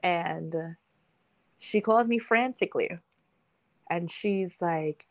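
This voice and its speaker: A woman's voice: on the low side, a little slow, fairly bright tone, no echo. A young adult woman hosting a podcast, telling a story in casual chat and acting out the quotes, laughing often. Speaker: podcast host.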